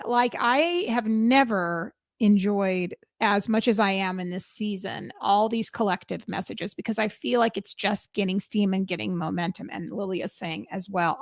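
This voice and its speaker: A woman hosting a live stream as a psychic reader, chatting casually and excitedly with her viewers. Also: medium pitch, dry recording, studio quality.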